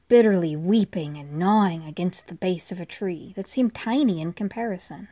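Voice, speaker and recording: A woman tells a fairy tale at a slow, unhurried pace, her voice soft and now and then sinking into a whisper. Her pitch sits in an ordinary middle range for a woman. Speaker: storyteller. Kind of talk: fairy-tale storytelling narration.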